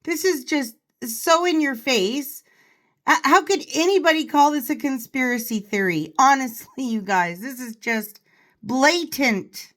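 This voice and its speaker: A woman's voice: high voice, lively intonation, unhurried, a bit bright. A woman vlogger in casual commentary, giggly and laughing often as she reads and reacts. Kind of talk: casual commentary reading a parody.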